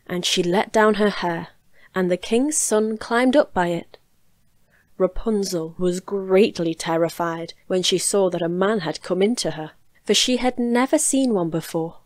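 A woman reads a fairy tale aloud in a calm, measured way, her voice sitting at a middle pitch. The recording is dry and close, made in a small home studio. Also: no echo. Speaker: storyteller.

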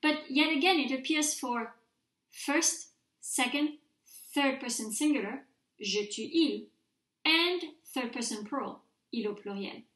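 A woman giving a recorded grammar lesson with a slightly high voice. She speaks clearly and patiently, sounding words out slowly for learners to repeat. The room adds a noticeable echo. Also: a bit bright. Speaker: French teacher. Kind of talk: recorded grammar mini-lecture. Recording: roomy echo.

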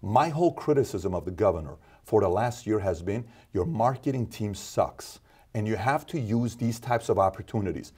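A man talking as an interview guest, emphatic and preachy, dropping from loud to low. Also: animated, normal speed, slightly rough. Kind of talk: casual interview talk.

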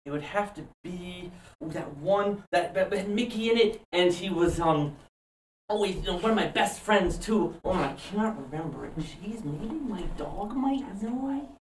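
A woman's voice: fairly low pitch, lively intonation, unhurried, far from the mic, slight background noise. Woman doing Goofy, dopey and giggly. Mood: rambling. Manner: rambling, giggly, hesitant. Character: goofy dopey cartoon dog man, cheerful and forgetful. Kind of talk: improv comedy. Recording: roomy stage audio from afar.

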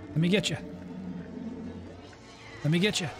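Young male gaming host, slightly high voice, chatty running commentary over faint game music. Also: unhurried. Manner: chatty, reacts aloud while playing, jumps between flat calm and alarmed bursts. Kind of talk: let's play commentary.

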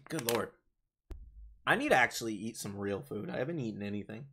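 A man's voice: on the low side, very animated, normal speed, noisy background. A young man hosting a livestream, chatting casually and rambling through viewer comments with lots of fillers and restarts, his voice a little worn from talking. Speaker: livestream host. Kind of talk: casual live chat reading viewer comments.

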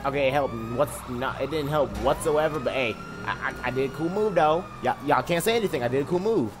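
A young man giving excitable, jokey commentary on a driving game, laughing and shouting often. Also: medium pitch, a little fast, over music. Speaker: gameplay commentator. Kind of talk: live let's-play commentary. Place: home room.

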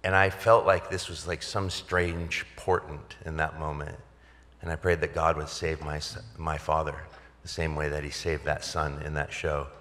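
A man's voice: rumbling low, level tone, normal speed, a bit bright, in a large hall. A man, a pastor, telling a personal story at a gala in a candid, conversational way with wry humor. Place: large event hall.

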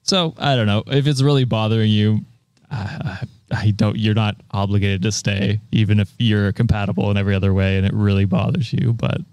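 Male podcast co-host, lowish voice, dry close sound, hesitant and chatty. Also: fairly even intonation, brisk, a little mellow, smooth, no room sound. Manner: hesitant, trails off with ums. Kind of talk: casual chat reacting to a reddit post.

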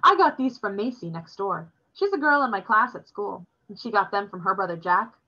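A woman's voice: mid-range voice, expressive, brisk, sharp tone. A woman reading as a stubborn, lofty young girl. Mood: conspiratorial. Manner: teasing, confident. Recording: dull lo-fi recording.

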